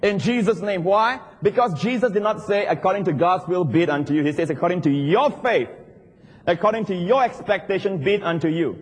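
A man, a pastor preaching a sermon in a church, animated and emphatic, his voice climbing high on key points. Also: fairly quick, breathy edge. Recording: long reverb of a large hall.

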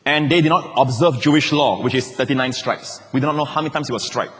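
A man's voice: medium pitch, fast talker. Preaching man in a reverberant hall. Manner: emphatic preaching with swelling, dramatic peaks and hushed drops. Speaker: pastor. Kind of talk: sermon.

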